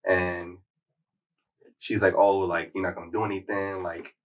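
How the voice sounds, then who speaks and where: Low-voiced man rambling through a story. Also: little pitch movement, measured pace, distant mic, highs cut off. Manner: rambling slang-heavy retelling, packed with "like". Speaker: podcast host. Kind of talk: casual storytelling chat.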